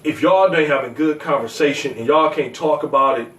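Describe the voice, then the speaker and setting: A man's voice: fairly high pitch, brisk, a bit bright. A man hosting a casual podcast chat, blunt and profane, telling stories from his own life. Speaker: show host. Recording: roomy echo, distant mic.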